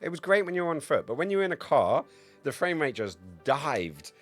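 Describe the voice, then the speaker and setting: Joking man, lively rambling streamer. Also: fairly high pitch, normal speed, faint music behind. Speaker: game streamer. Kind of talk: casual livestream chat.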